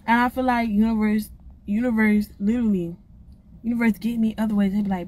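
A woman ranting casually to the camera, blunt, profane and animated. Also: a little high, fairly quick. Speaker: vlogger.

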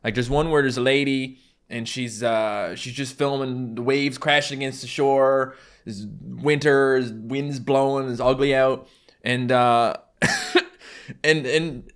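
A man's voice: medium pitch, steady tone, takes it slowly, clean tone. A man from Newfoundland with a Newfoundland accent, chatting casually to his viewers in a rambling, self-deprecating way full of fillers and restarts. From Newfoundland, Canada. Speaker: YouTuber answering fan questions. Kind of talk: casual chat.

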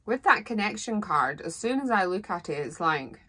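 A woman's voice: mid-range voice, sing-song, moderate pace, few pauses, pushed and bright, husky. A woman giving a rambling, heartfelt tarot reading as a psychic. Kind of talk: solo tarot reading monologue.

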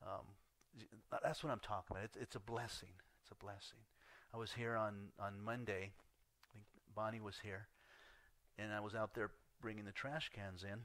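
A man's voice: lowish voice, flat delivery, moderate pace, a bit bright. A man preaching a sermon as pastor, telling a story with acted-out dialogue and frequent laughter.

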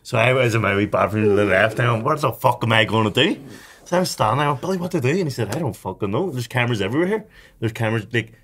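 A man's voice: mid-range voice, animated, rapid-fire, fairly bright tone, a little hiss or hum. A young man, telling a story as a podcast co-host, with lots of swearing and laughter. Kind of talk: casual chat, storytelling.

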